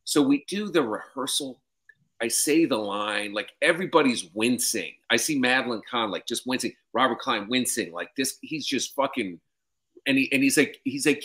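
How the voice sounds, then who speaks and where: A man telling a comic story, profane and animated, lacing it with "I'm like" and "she's like". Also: mid-range voice, normal speed. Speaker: comedian storyteller.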